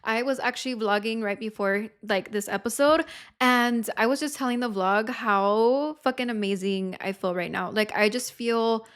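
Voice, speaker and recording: A young woman hosting a podcast in casual chat, expressive and confessional, swearing freely. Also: a little high, normal speed, clean tone. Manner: emotional, confessional. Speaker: podcast host.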